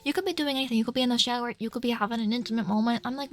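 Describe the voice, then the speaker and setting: A woman's voice: on the high side, fast, few pauses, soft background music. A woman streamer answering viewer questions in a casual, playful chat, laughing often.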